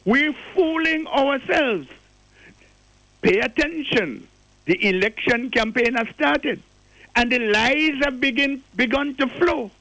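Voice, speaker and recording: Older man, high, bright, preachy. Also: slow pace, no room sound, rough recording. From Grenada. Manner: preachy, rhetorical, repeats key words for stress. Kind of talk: impassioned call-in commentary.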